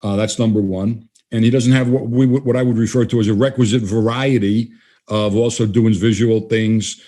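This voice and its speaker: Mellow, husky older man telling stories. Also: lowish voice. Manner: conversational, acts out quoted dialogue. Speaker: guest trainer. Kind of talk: casual storytelling interview.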